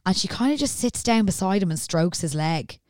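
A woman's voice: mid-range voice, lively intonation, normal speed, darkish tone, no echo, studio quality. A woman, a podcast co-host, chattily recapping a TV episode in casual conversation. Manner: chatty, recaps plot at length with acted-out quotes. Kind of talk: casual chat.

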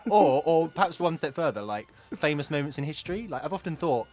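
A man's voice: a little high, lively intonation, brisk, darkish tone. A man, a DJ guest on a podcast, chatting in a rambling way with lots of fillers. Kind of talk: casual chat.

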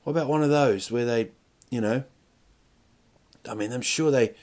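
Middle-aged man, podcast host, solo comic ramble, mid pitch, crude asides, stop-start phrasing. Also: normal speed, a little mellow. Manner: rambling, stop-start, crude jokes, rising rhetorical questions. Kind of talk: comic monologue.

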